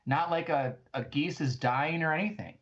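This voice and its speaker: A man playing in a tabletop game, rambling and excitable, restarting his sentences often. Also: a little high, moderate pace, muffled recording, slight background noise. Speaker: player. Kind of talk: in-character tabletop play.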